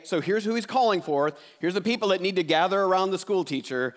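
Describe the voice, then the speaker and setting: A man's voice: on the high side, fairly quick, hardly any pauses. A man, the pastor, preaching a sermon to a seated congregation from a church stage, reading scripture and praying in a conversational, emphatic way that repeats words for stress.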